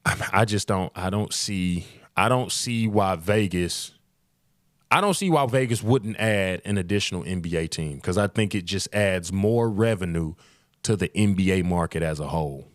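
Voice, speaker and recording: A man's voice: low voice, moderate pace, dry recording, studio quality. A man hosting a casual sports chat, boasting and laughing with his co-host. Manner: boastful, laid-back banter with laughs. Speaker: show host.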